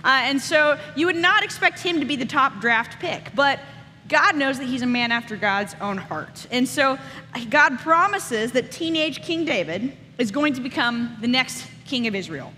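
A woman preaching a sermon, retelling a scripture story in a casual, lively way with slang asides, then reading the passage aloud. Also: sits high, normal speed, slight background noise. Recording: reverberant hall.

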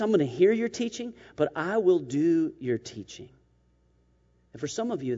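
A man preaches a sermon in a relaxed, joking way, slipping into quick acted-out asides. His voice sits a little high yet sounds mellow. The sound is slightly dull and rings with the long reverb of a big hall. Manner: conversational and humorous, acting out quick asides. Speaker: pastor.

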